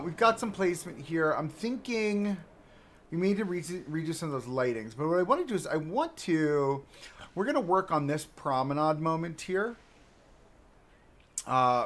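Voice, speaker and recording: A man's voice: a little high, a bit bright. A man chatting casually on a live stream as he builds in a game, laid-back and rambling, with a cough that comes and goes. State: coughing now and then. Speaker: livestreamer.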